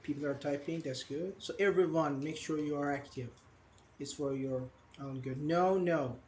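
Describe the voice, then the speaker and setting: In a live online English grammar class, a young male teacher with a fairly high, slightly mellow voice works patiently. He questions his students and says words over slowly.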